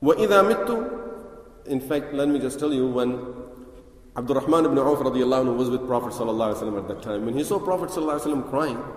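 A man giving a religious lecture, reciting Arabic quickly and then explaining it slowly in English. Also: mid-range voice, animated. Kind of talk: Islamic lecture explaining hadith. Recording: echoey hall with long reverb.

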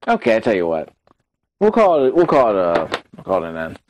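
A man's voice: lowish voice, huge pitch swings, fairly quick, darkish tone, slight background noise, poor audio. A man giving casual, self-critical commentary as he plays a retro game, talking to himself. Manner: chatty, self-critical, talks to himself while playing. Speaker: let's play host.

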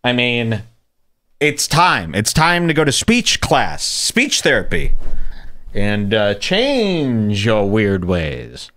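A man hosting a podcast, mocking clips with sarcastic commentary and loud put-on impressions. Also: mid-range voice, sing-song, unhurried. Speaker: podcast host.

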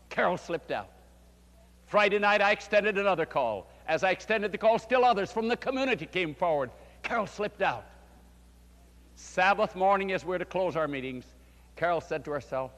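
A man's voice: sits high, a bit bright. An older man, a pastor, preaching a storytelling sermon with fervent emphasis. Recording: long hall reverb.

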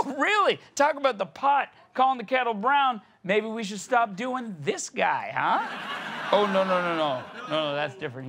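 A man's voice: high-pitched, noisy background. A man in a satirical comedy sketch, arguing sarcastically with himself in a mock-indignant back-and-forth. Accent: Canadian.

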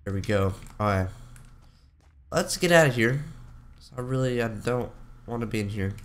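Young male gaming commentator, middle pitch, rambling and self-deprecating, morning voice with cracks. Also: lively intonation, normal speed. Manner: rambling, self-mocking, talks to himself while playing. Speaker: gaming YouTuber. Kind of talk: casual gameplay commentary.

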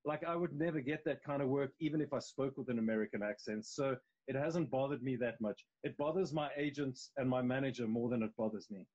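Casting: South African actor, casual guest, mid-pitched, muffled live-stream sound. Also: male voice, a little fast, few pauses, darkish tone. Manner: loose and conversational, with many restarts. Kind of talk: casual interview chat.

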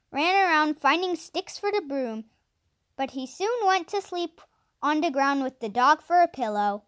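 Expressive woman reading a children's book. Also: sits high, no echo, studio quality. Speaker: children's audiobook reader. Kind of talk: storybook reading.

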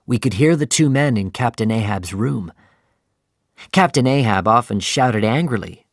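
A man reading a story aloud in slow, clear, deliberate narration for language learners. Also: lowish voice, no echo, clean studio sound.

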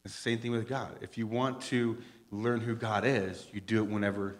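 A middle-aged man gives a casual, joking sermon in a church. He swings between loud, excited bursts and quiet, hushed asides, and keeps it personal and conversational. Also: lowish voice, normal speed. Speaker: pastor. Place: church sanctuary.

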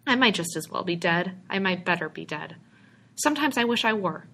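A woman's voice: lowish voice, lively intonation, fairly quick, pushed and bright, slight background noise. A woman reading aloud, voicing a weary young male bank clerk who sounds bitter and scoffing, his voice rising. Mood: despairing.

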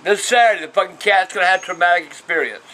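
Gruff dad type, middle-aged, profane and blunt, keyed-up high voice. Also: male voice, rapid-fire, a little hiss or hum. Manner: foul-mouthed, blunt, bursts into shouted curses. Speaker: father answering viewer questions. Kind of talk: profane casual Q&A.

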